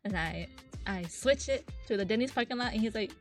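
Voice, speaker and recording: A young woman streaming from her desk, chatting casually and giggling as she tells a story. Her voice sits a little high, and soft music plays behind her. She acts out the other people's lines as she goes. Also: animated, a little fast. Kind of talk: casual chat.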